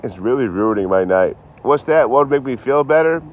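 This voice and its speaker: A man's voice: mid-range voice, lively intonation, brisk. Tipsy, foul-mouthed man on a livestream. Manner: profane, sarcastic and rambling. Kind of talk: casual live-stream chat.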